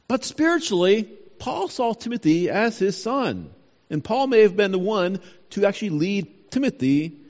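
A man preaching a sermon, emphatic and animated, correcting himself now and then as he goes. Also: high voice, in a large hall, dull audio. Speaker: pastor.

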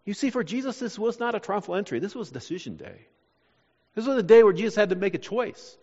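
A man preaches a sermon with a high, lively voice that leaps up and drops low as he acts out quoted voices. His words ring out with a long hall reverb, and the recording sounds dull and muffled. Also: fast. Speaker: pastor.

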